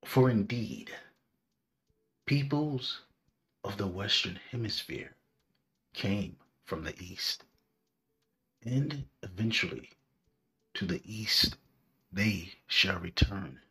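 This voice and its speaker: A man narrating a scripted history lecture in a measured, deliberate way, drawing out his phrases. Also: on the low side, animated, sharp tone. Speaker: history presenter.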